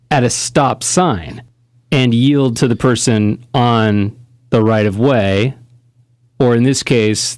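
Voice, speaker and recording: A man co-hosting a casual podcast, telling a rambling, animated story. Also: medium pitch, dry recording, studio quality. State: out of breath. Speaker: podcast co-host. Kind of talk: casual chat.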